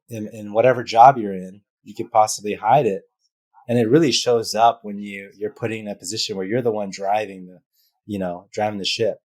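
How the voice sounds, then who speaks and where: A man as an interview guest, telling an emotional personal story in an open, heartfelt way with many fillers. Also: on the low side. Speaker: guest, business founder.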